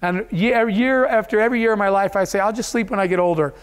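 A man's voice: sits high, fast talker, clean tone. A man giving a motivational keynote speech to an audience, telling stories in an earnest, emotional way. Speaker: keynote speaker. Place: event hall.

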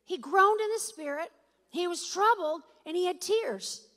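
Female preacher, high and bright, sermon in a reverberant hall, reads scripture and presses the congregation with questions. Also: unhurried. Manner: reads scripture aloud, questions the audience, builds to loud emphatic declarations. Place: church or meeting hall with an audience.

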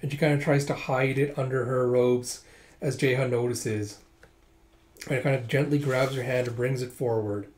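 A man's voice: mid-range voice, steady tone, normal speed, a little mellow, slight background noise. Casual man narrating a manga readthrough. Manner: reads panels aloud, voicing characters lightly with "it's like" asides. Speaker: manga reader.

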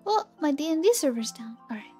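A woman's voice: sits high, big pitch swings, fairly quick, dark tone, soft background music. A young woman streaming a game, chatting casually and bubbly with viewers, often giggling. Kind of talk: casual game livestream chat.

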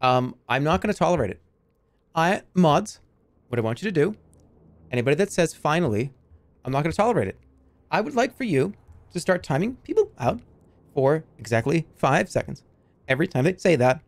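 A man's voice: on the high side, very animated, a little fast, pauses often, dry recording. A man streaming a video game, chatting casually with viewers in a jokey, exaggerated way. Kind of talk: casual livestream chat while gaming. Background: game music.

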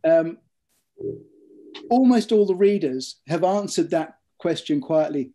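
An author speaks in a thoughtful interview with a slightly raised pitch and a mellow, soft tone. He tells his stories in a measured way and often restarts with ums and repeated words. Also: lively intonation.

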